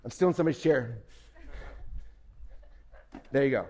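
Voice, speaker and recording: A man giving an energetic, playful, emphatic live presentation to young people as a motivational speaker. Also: mid-range voice, moderate pace. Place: event hall. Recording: reverberant hall.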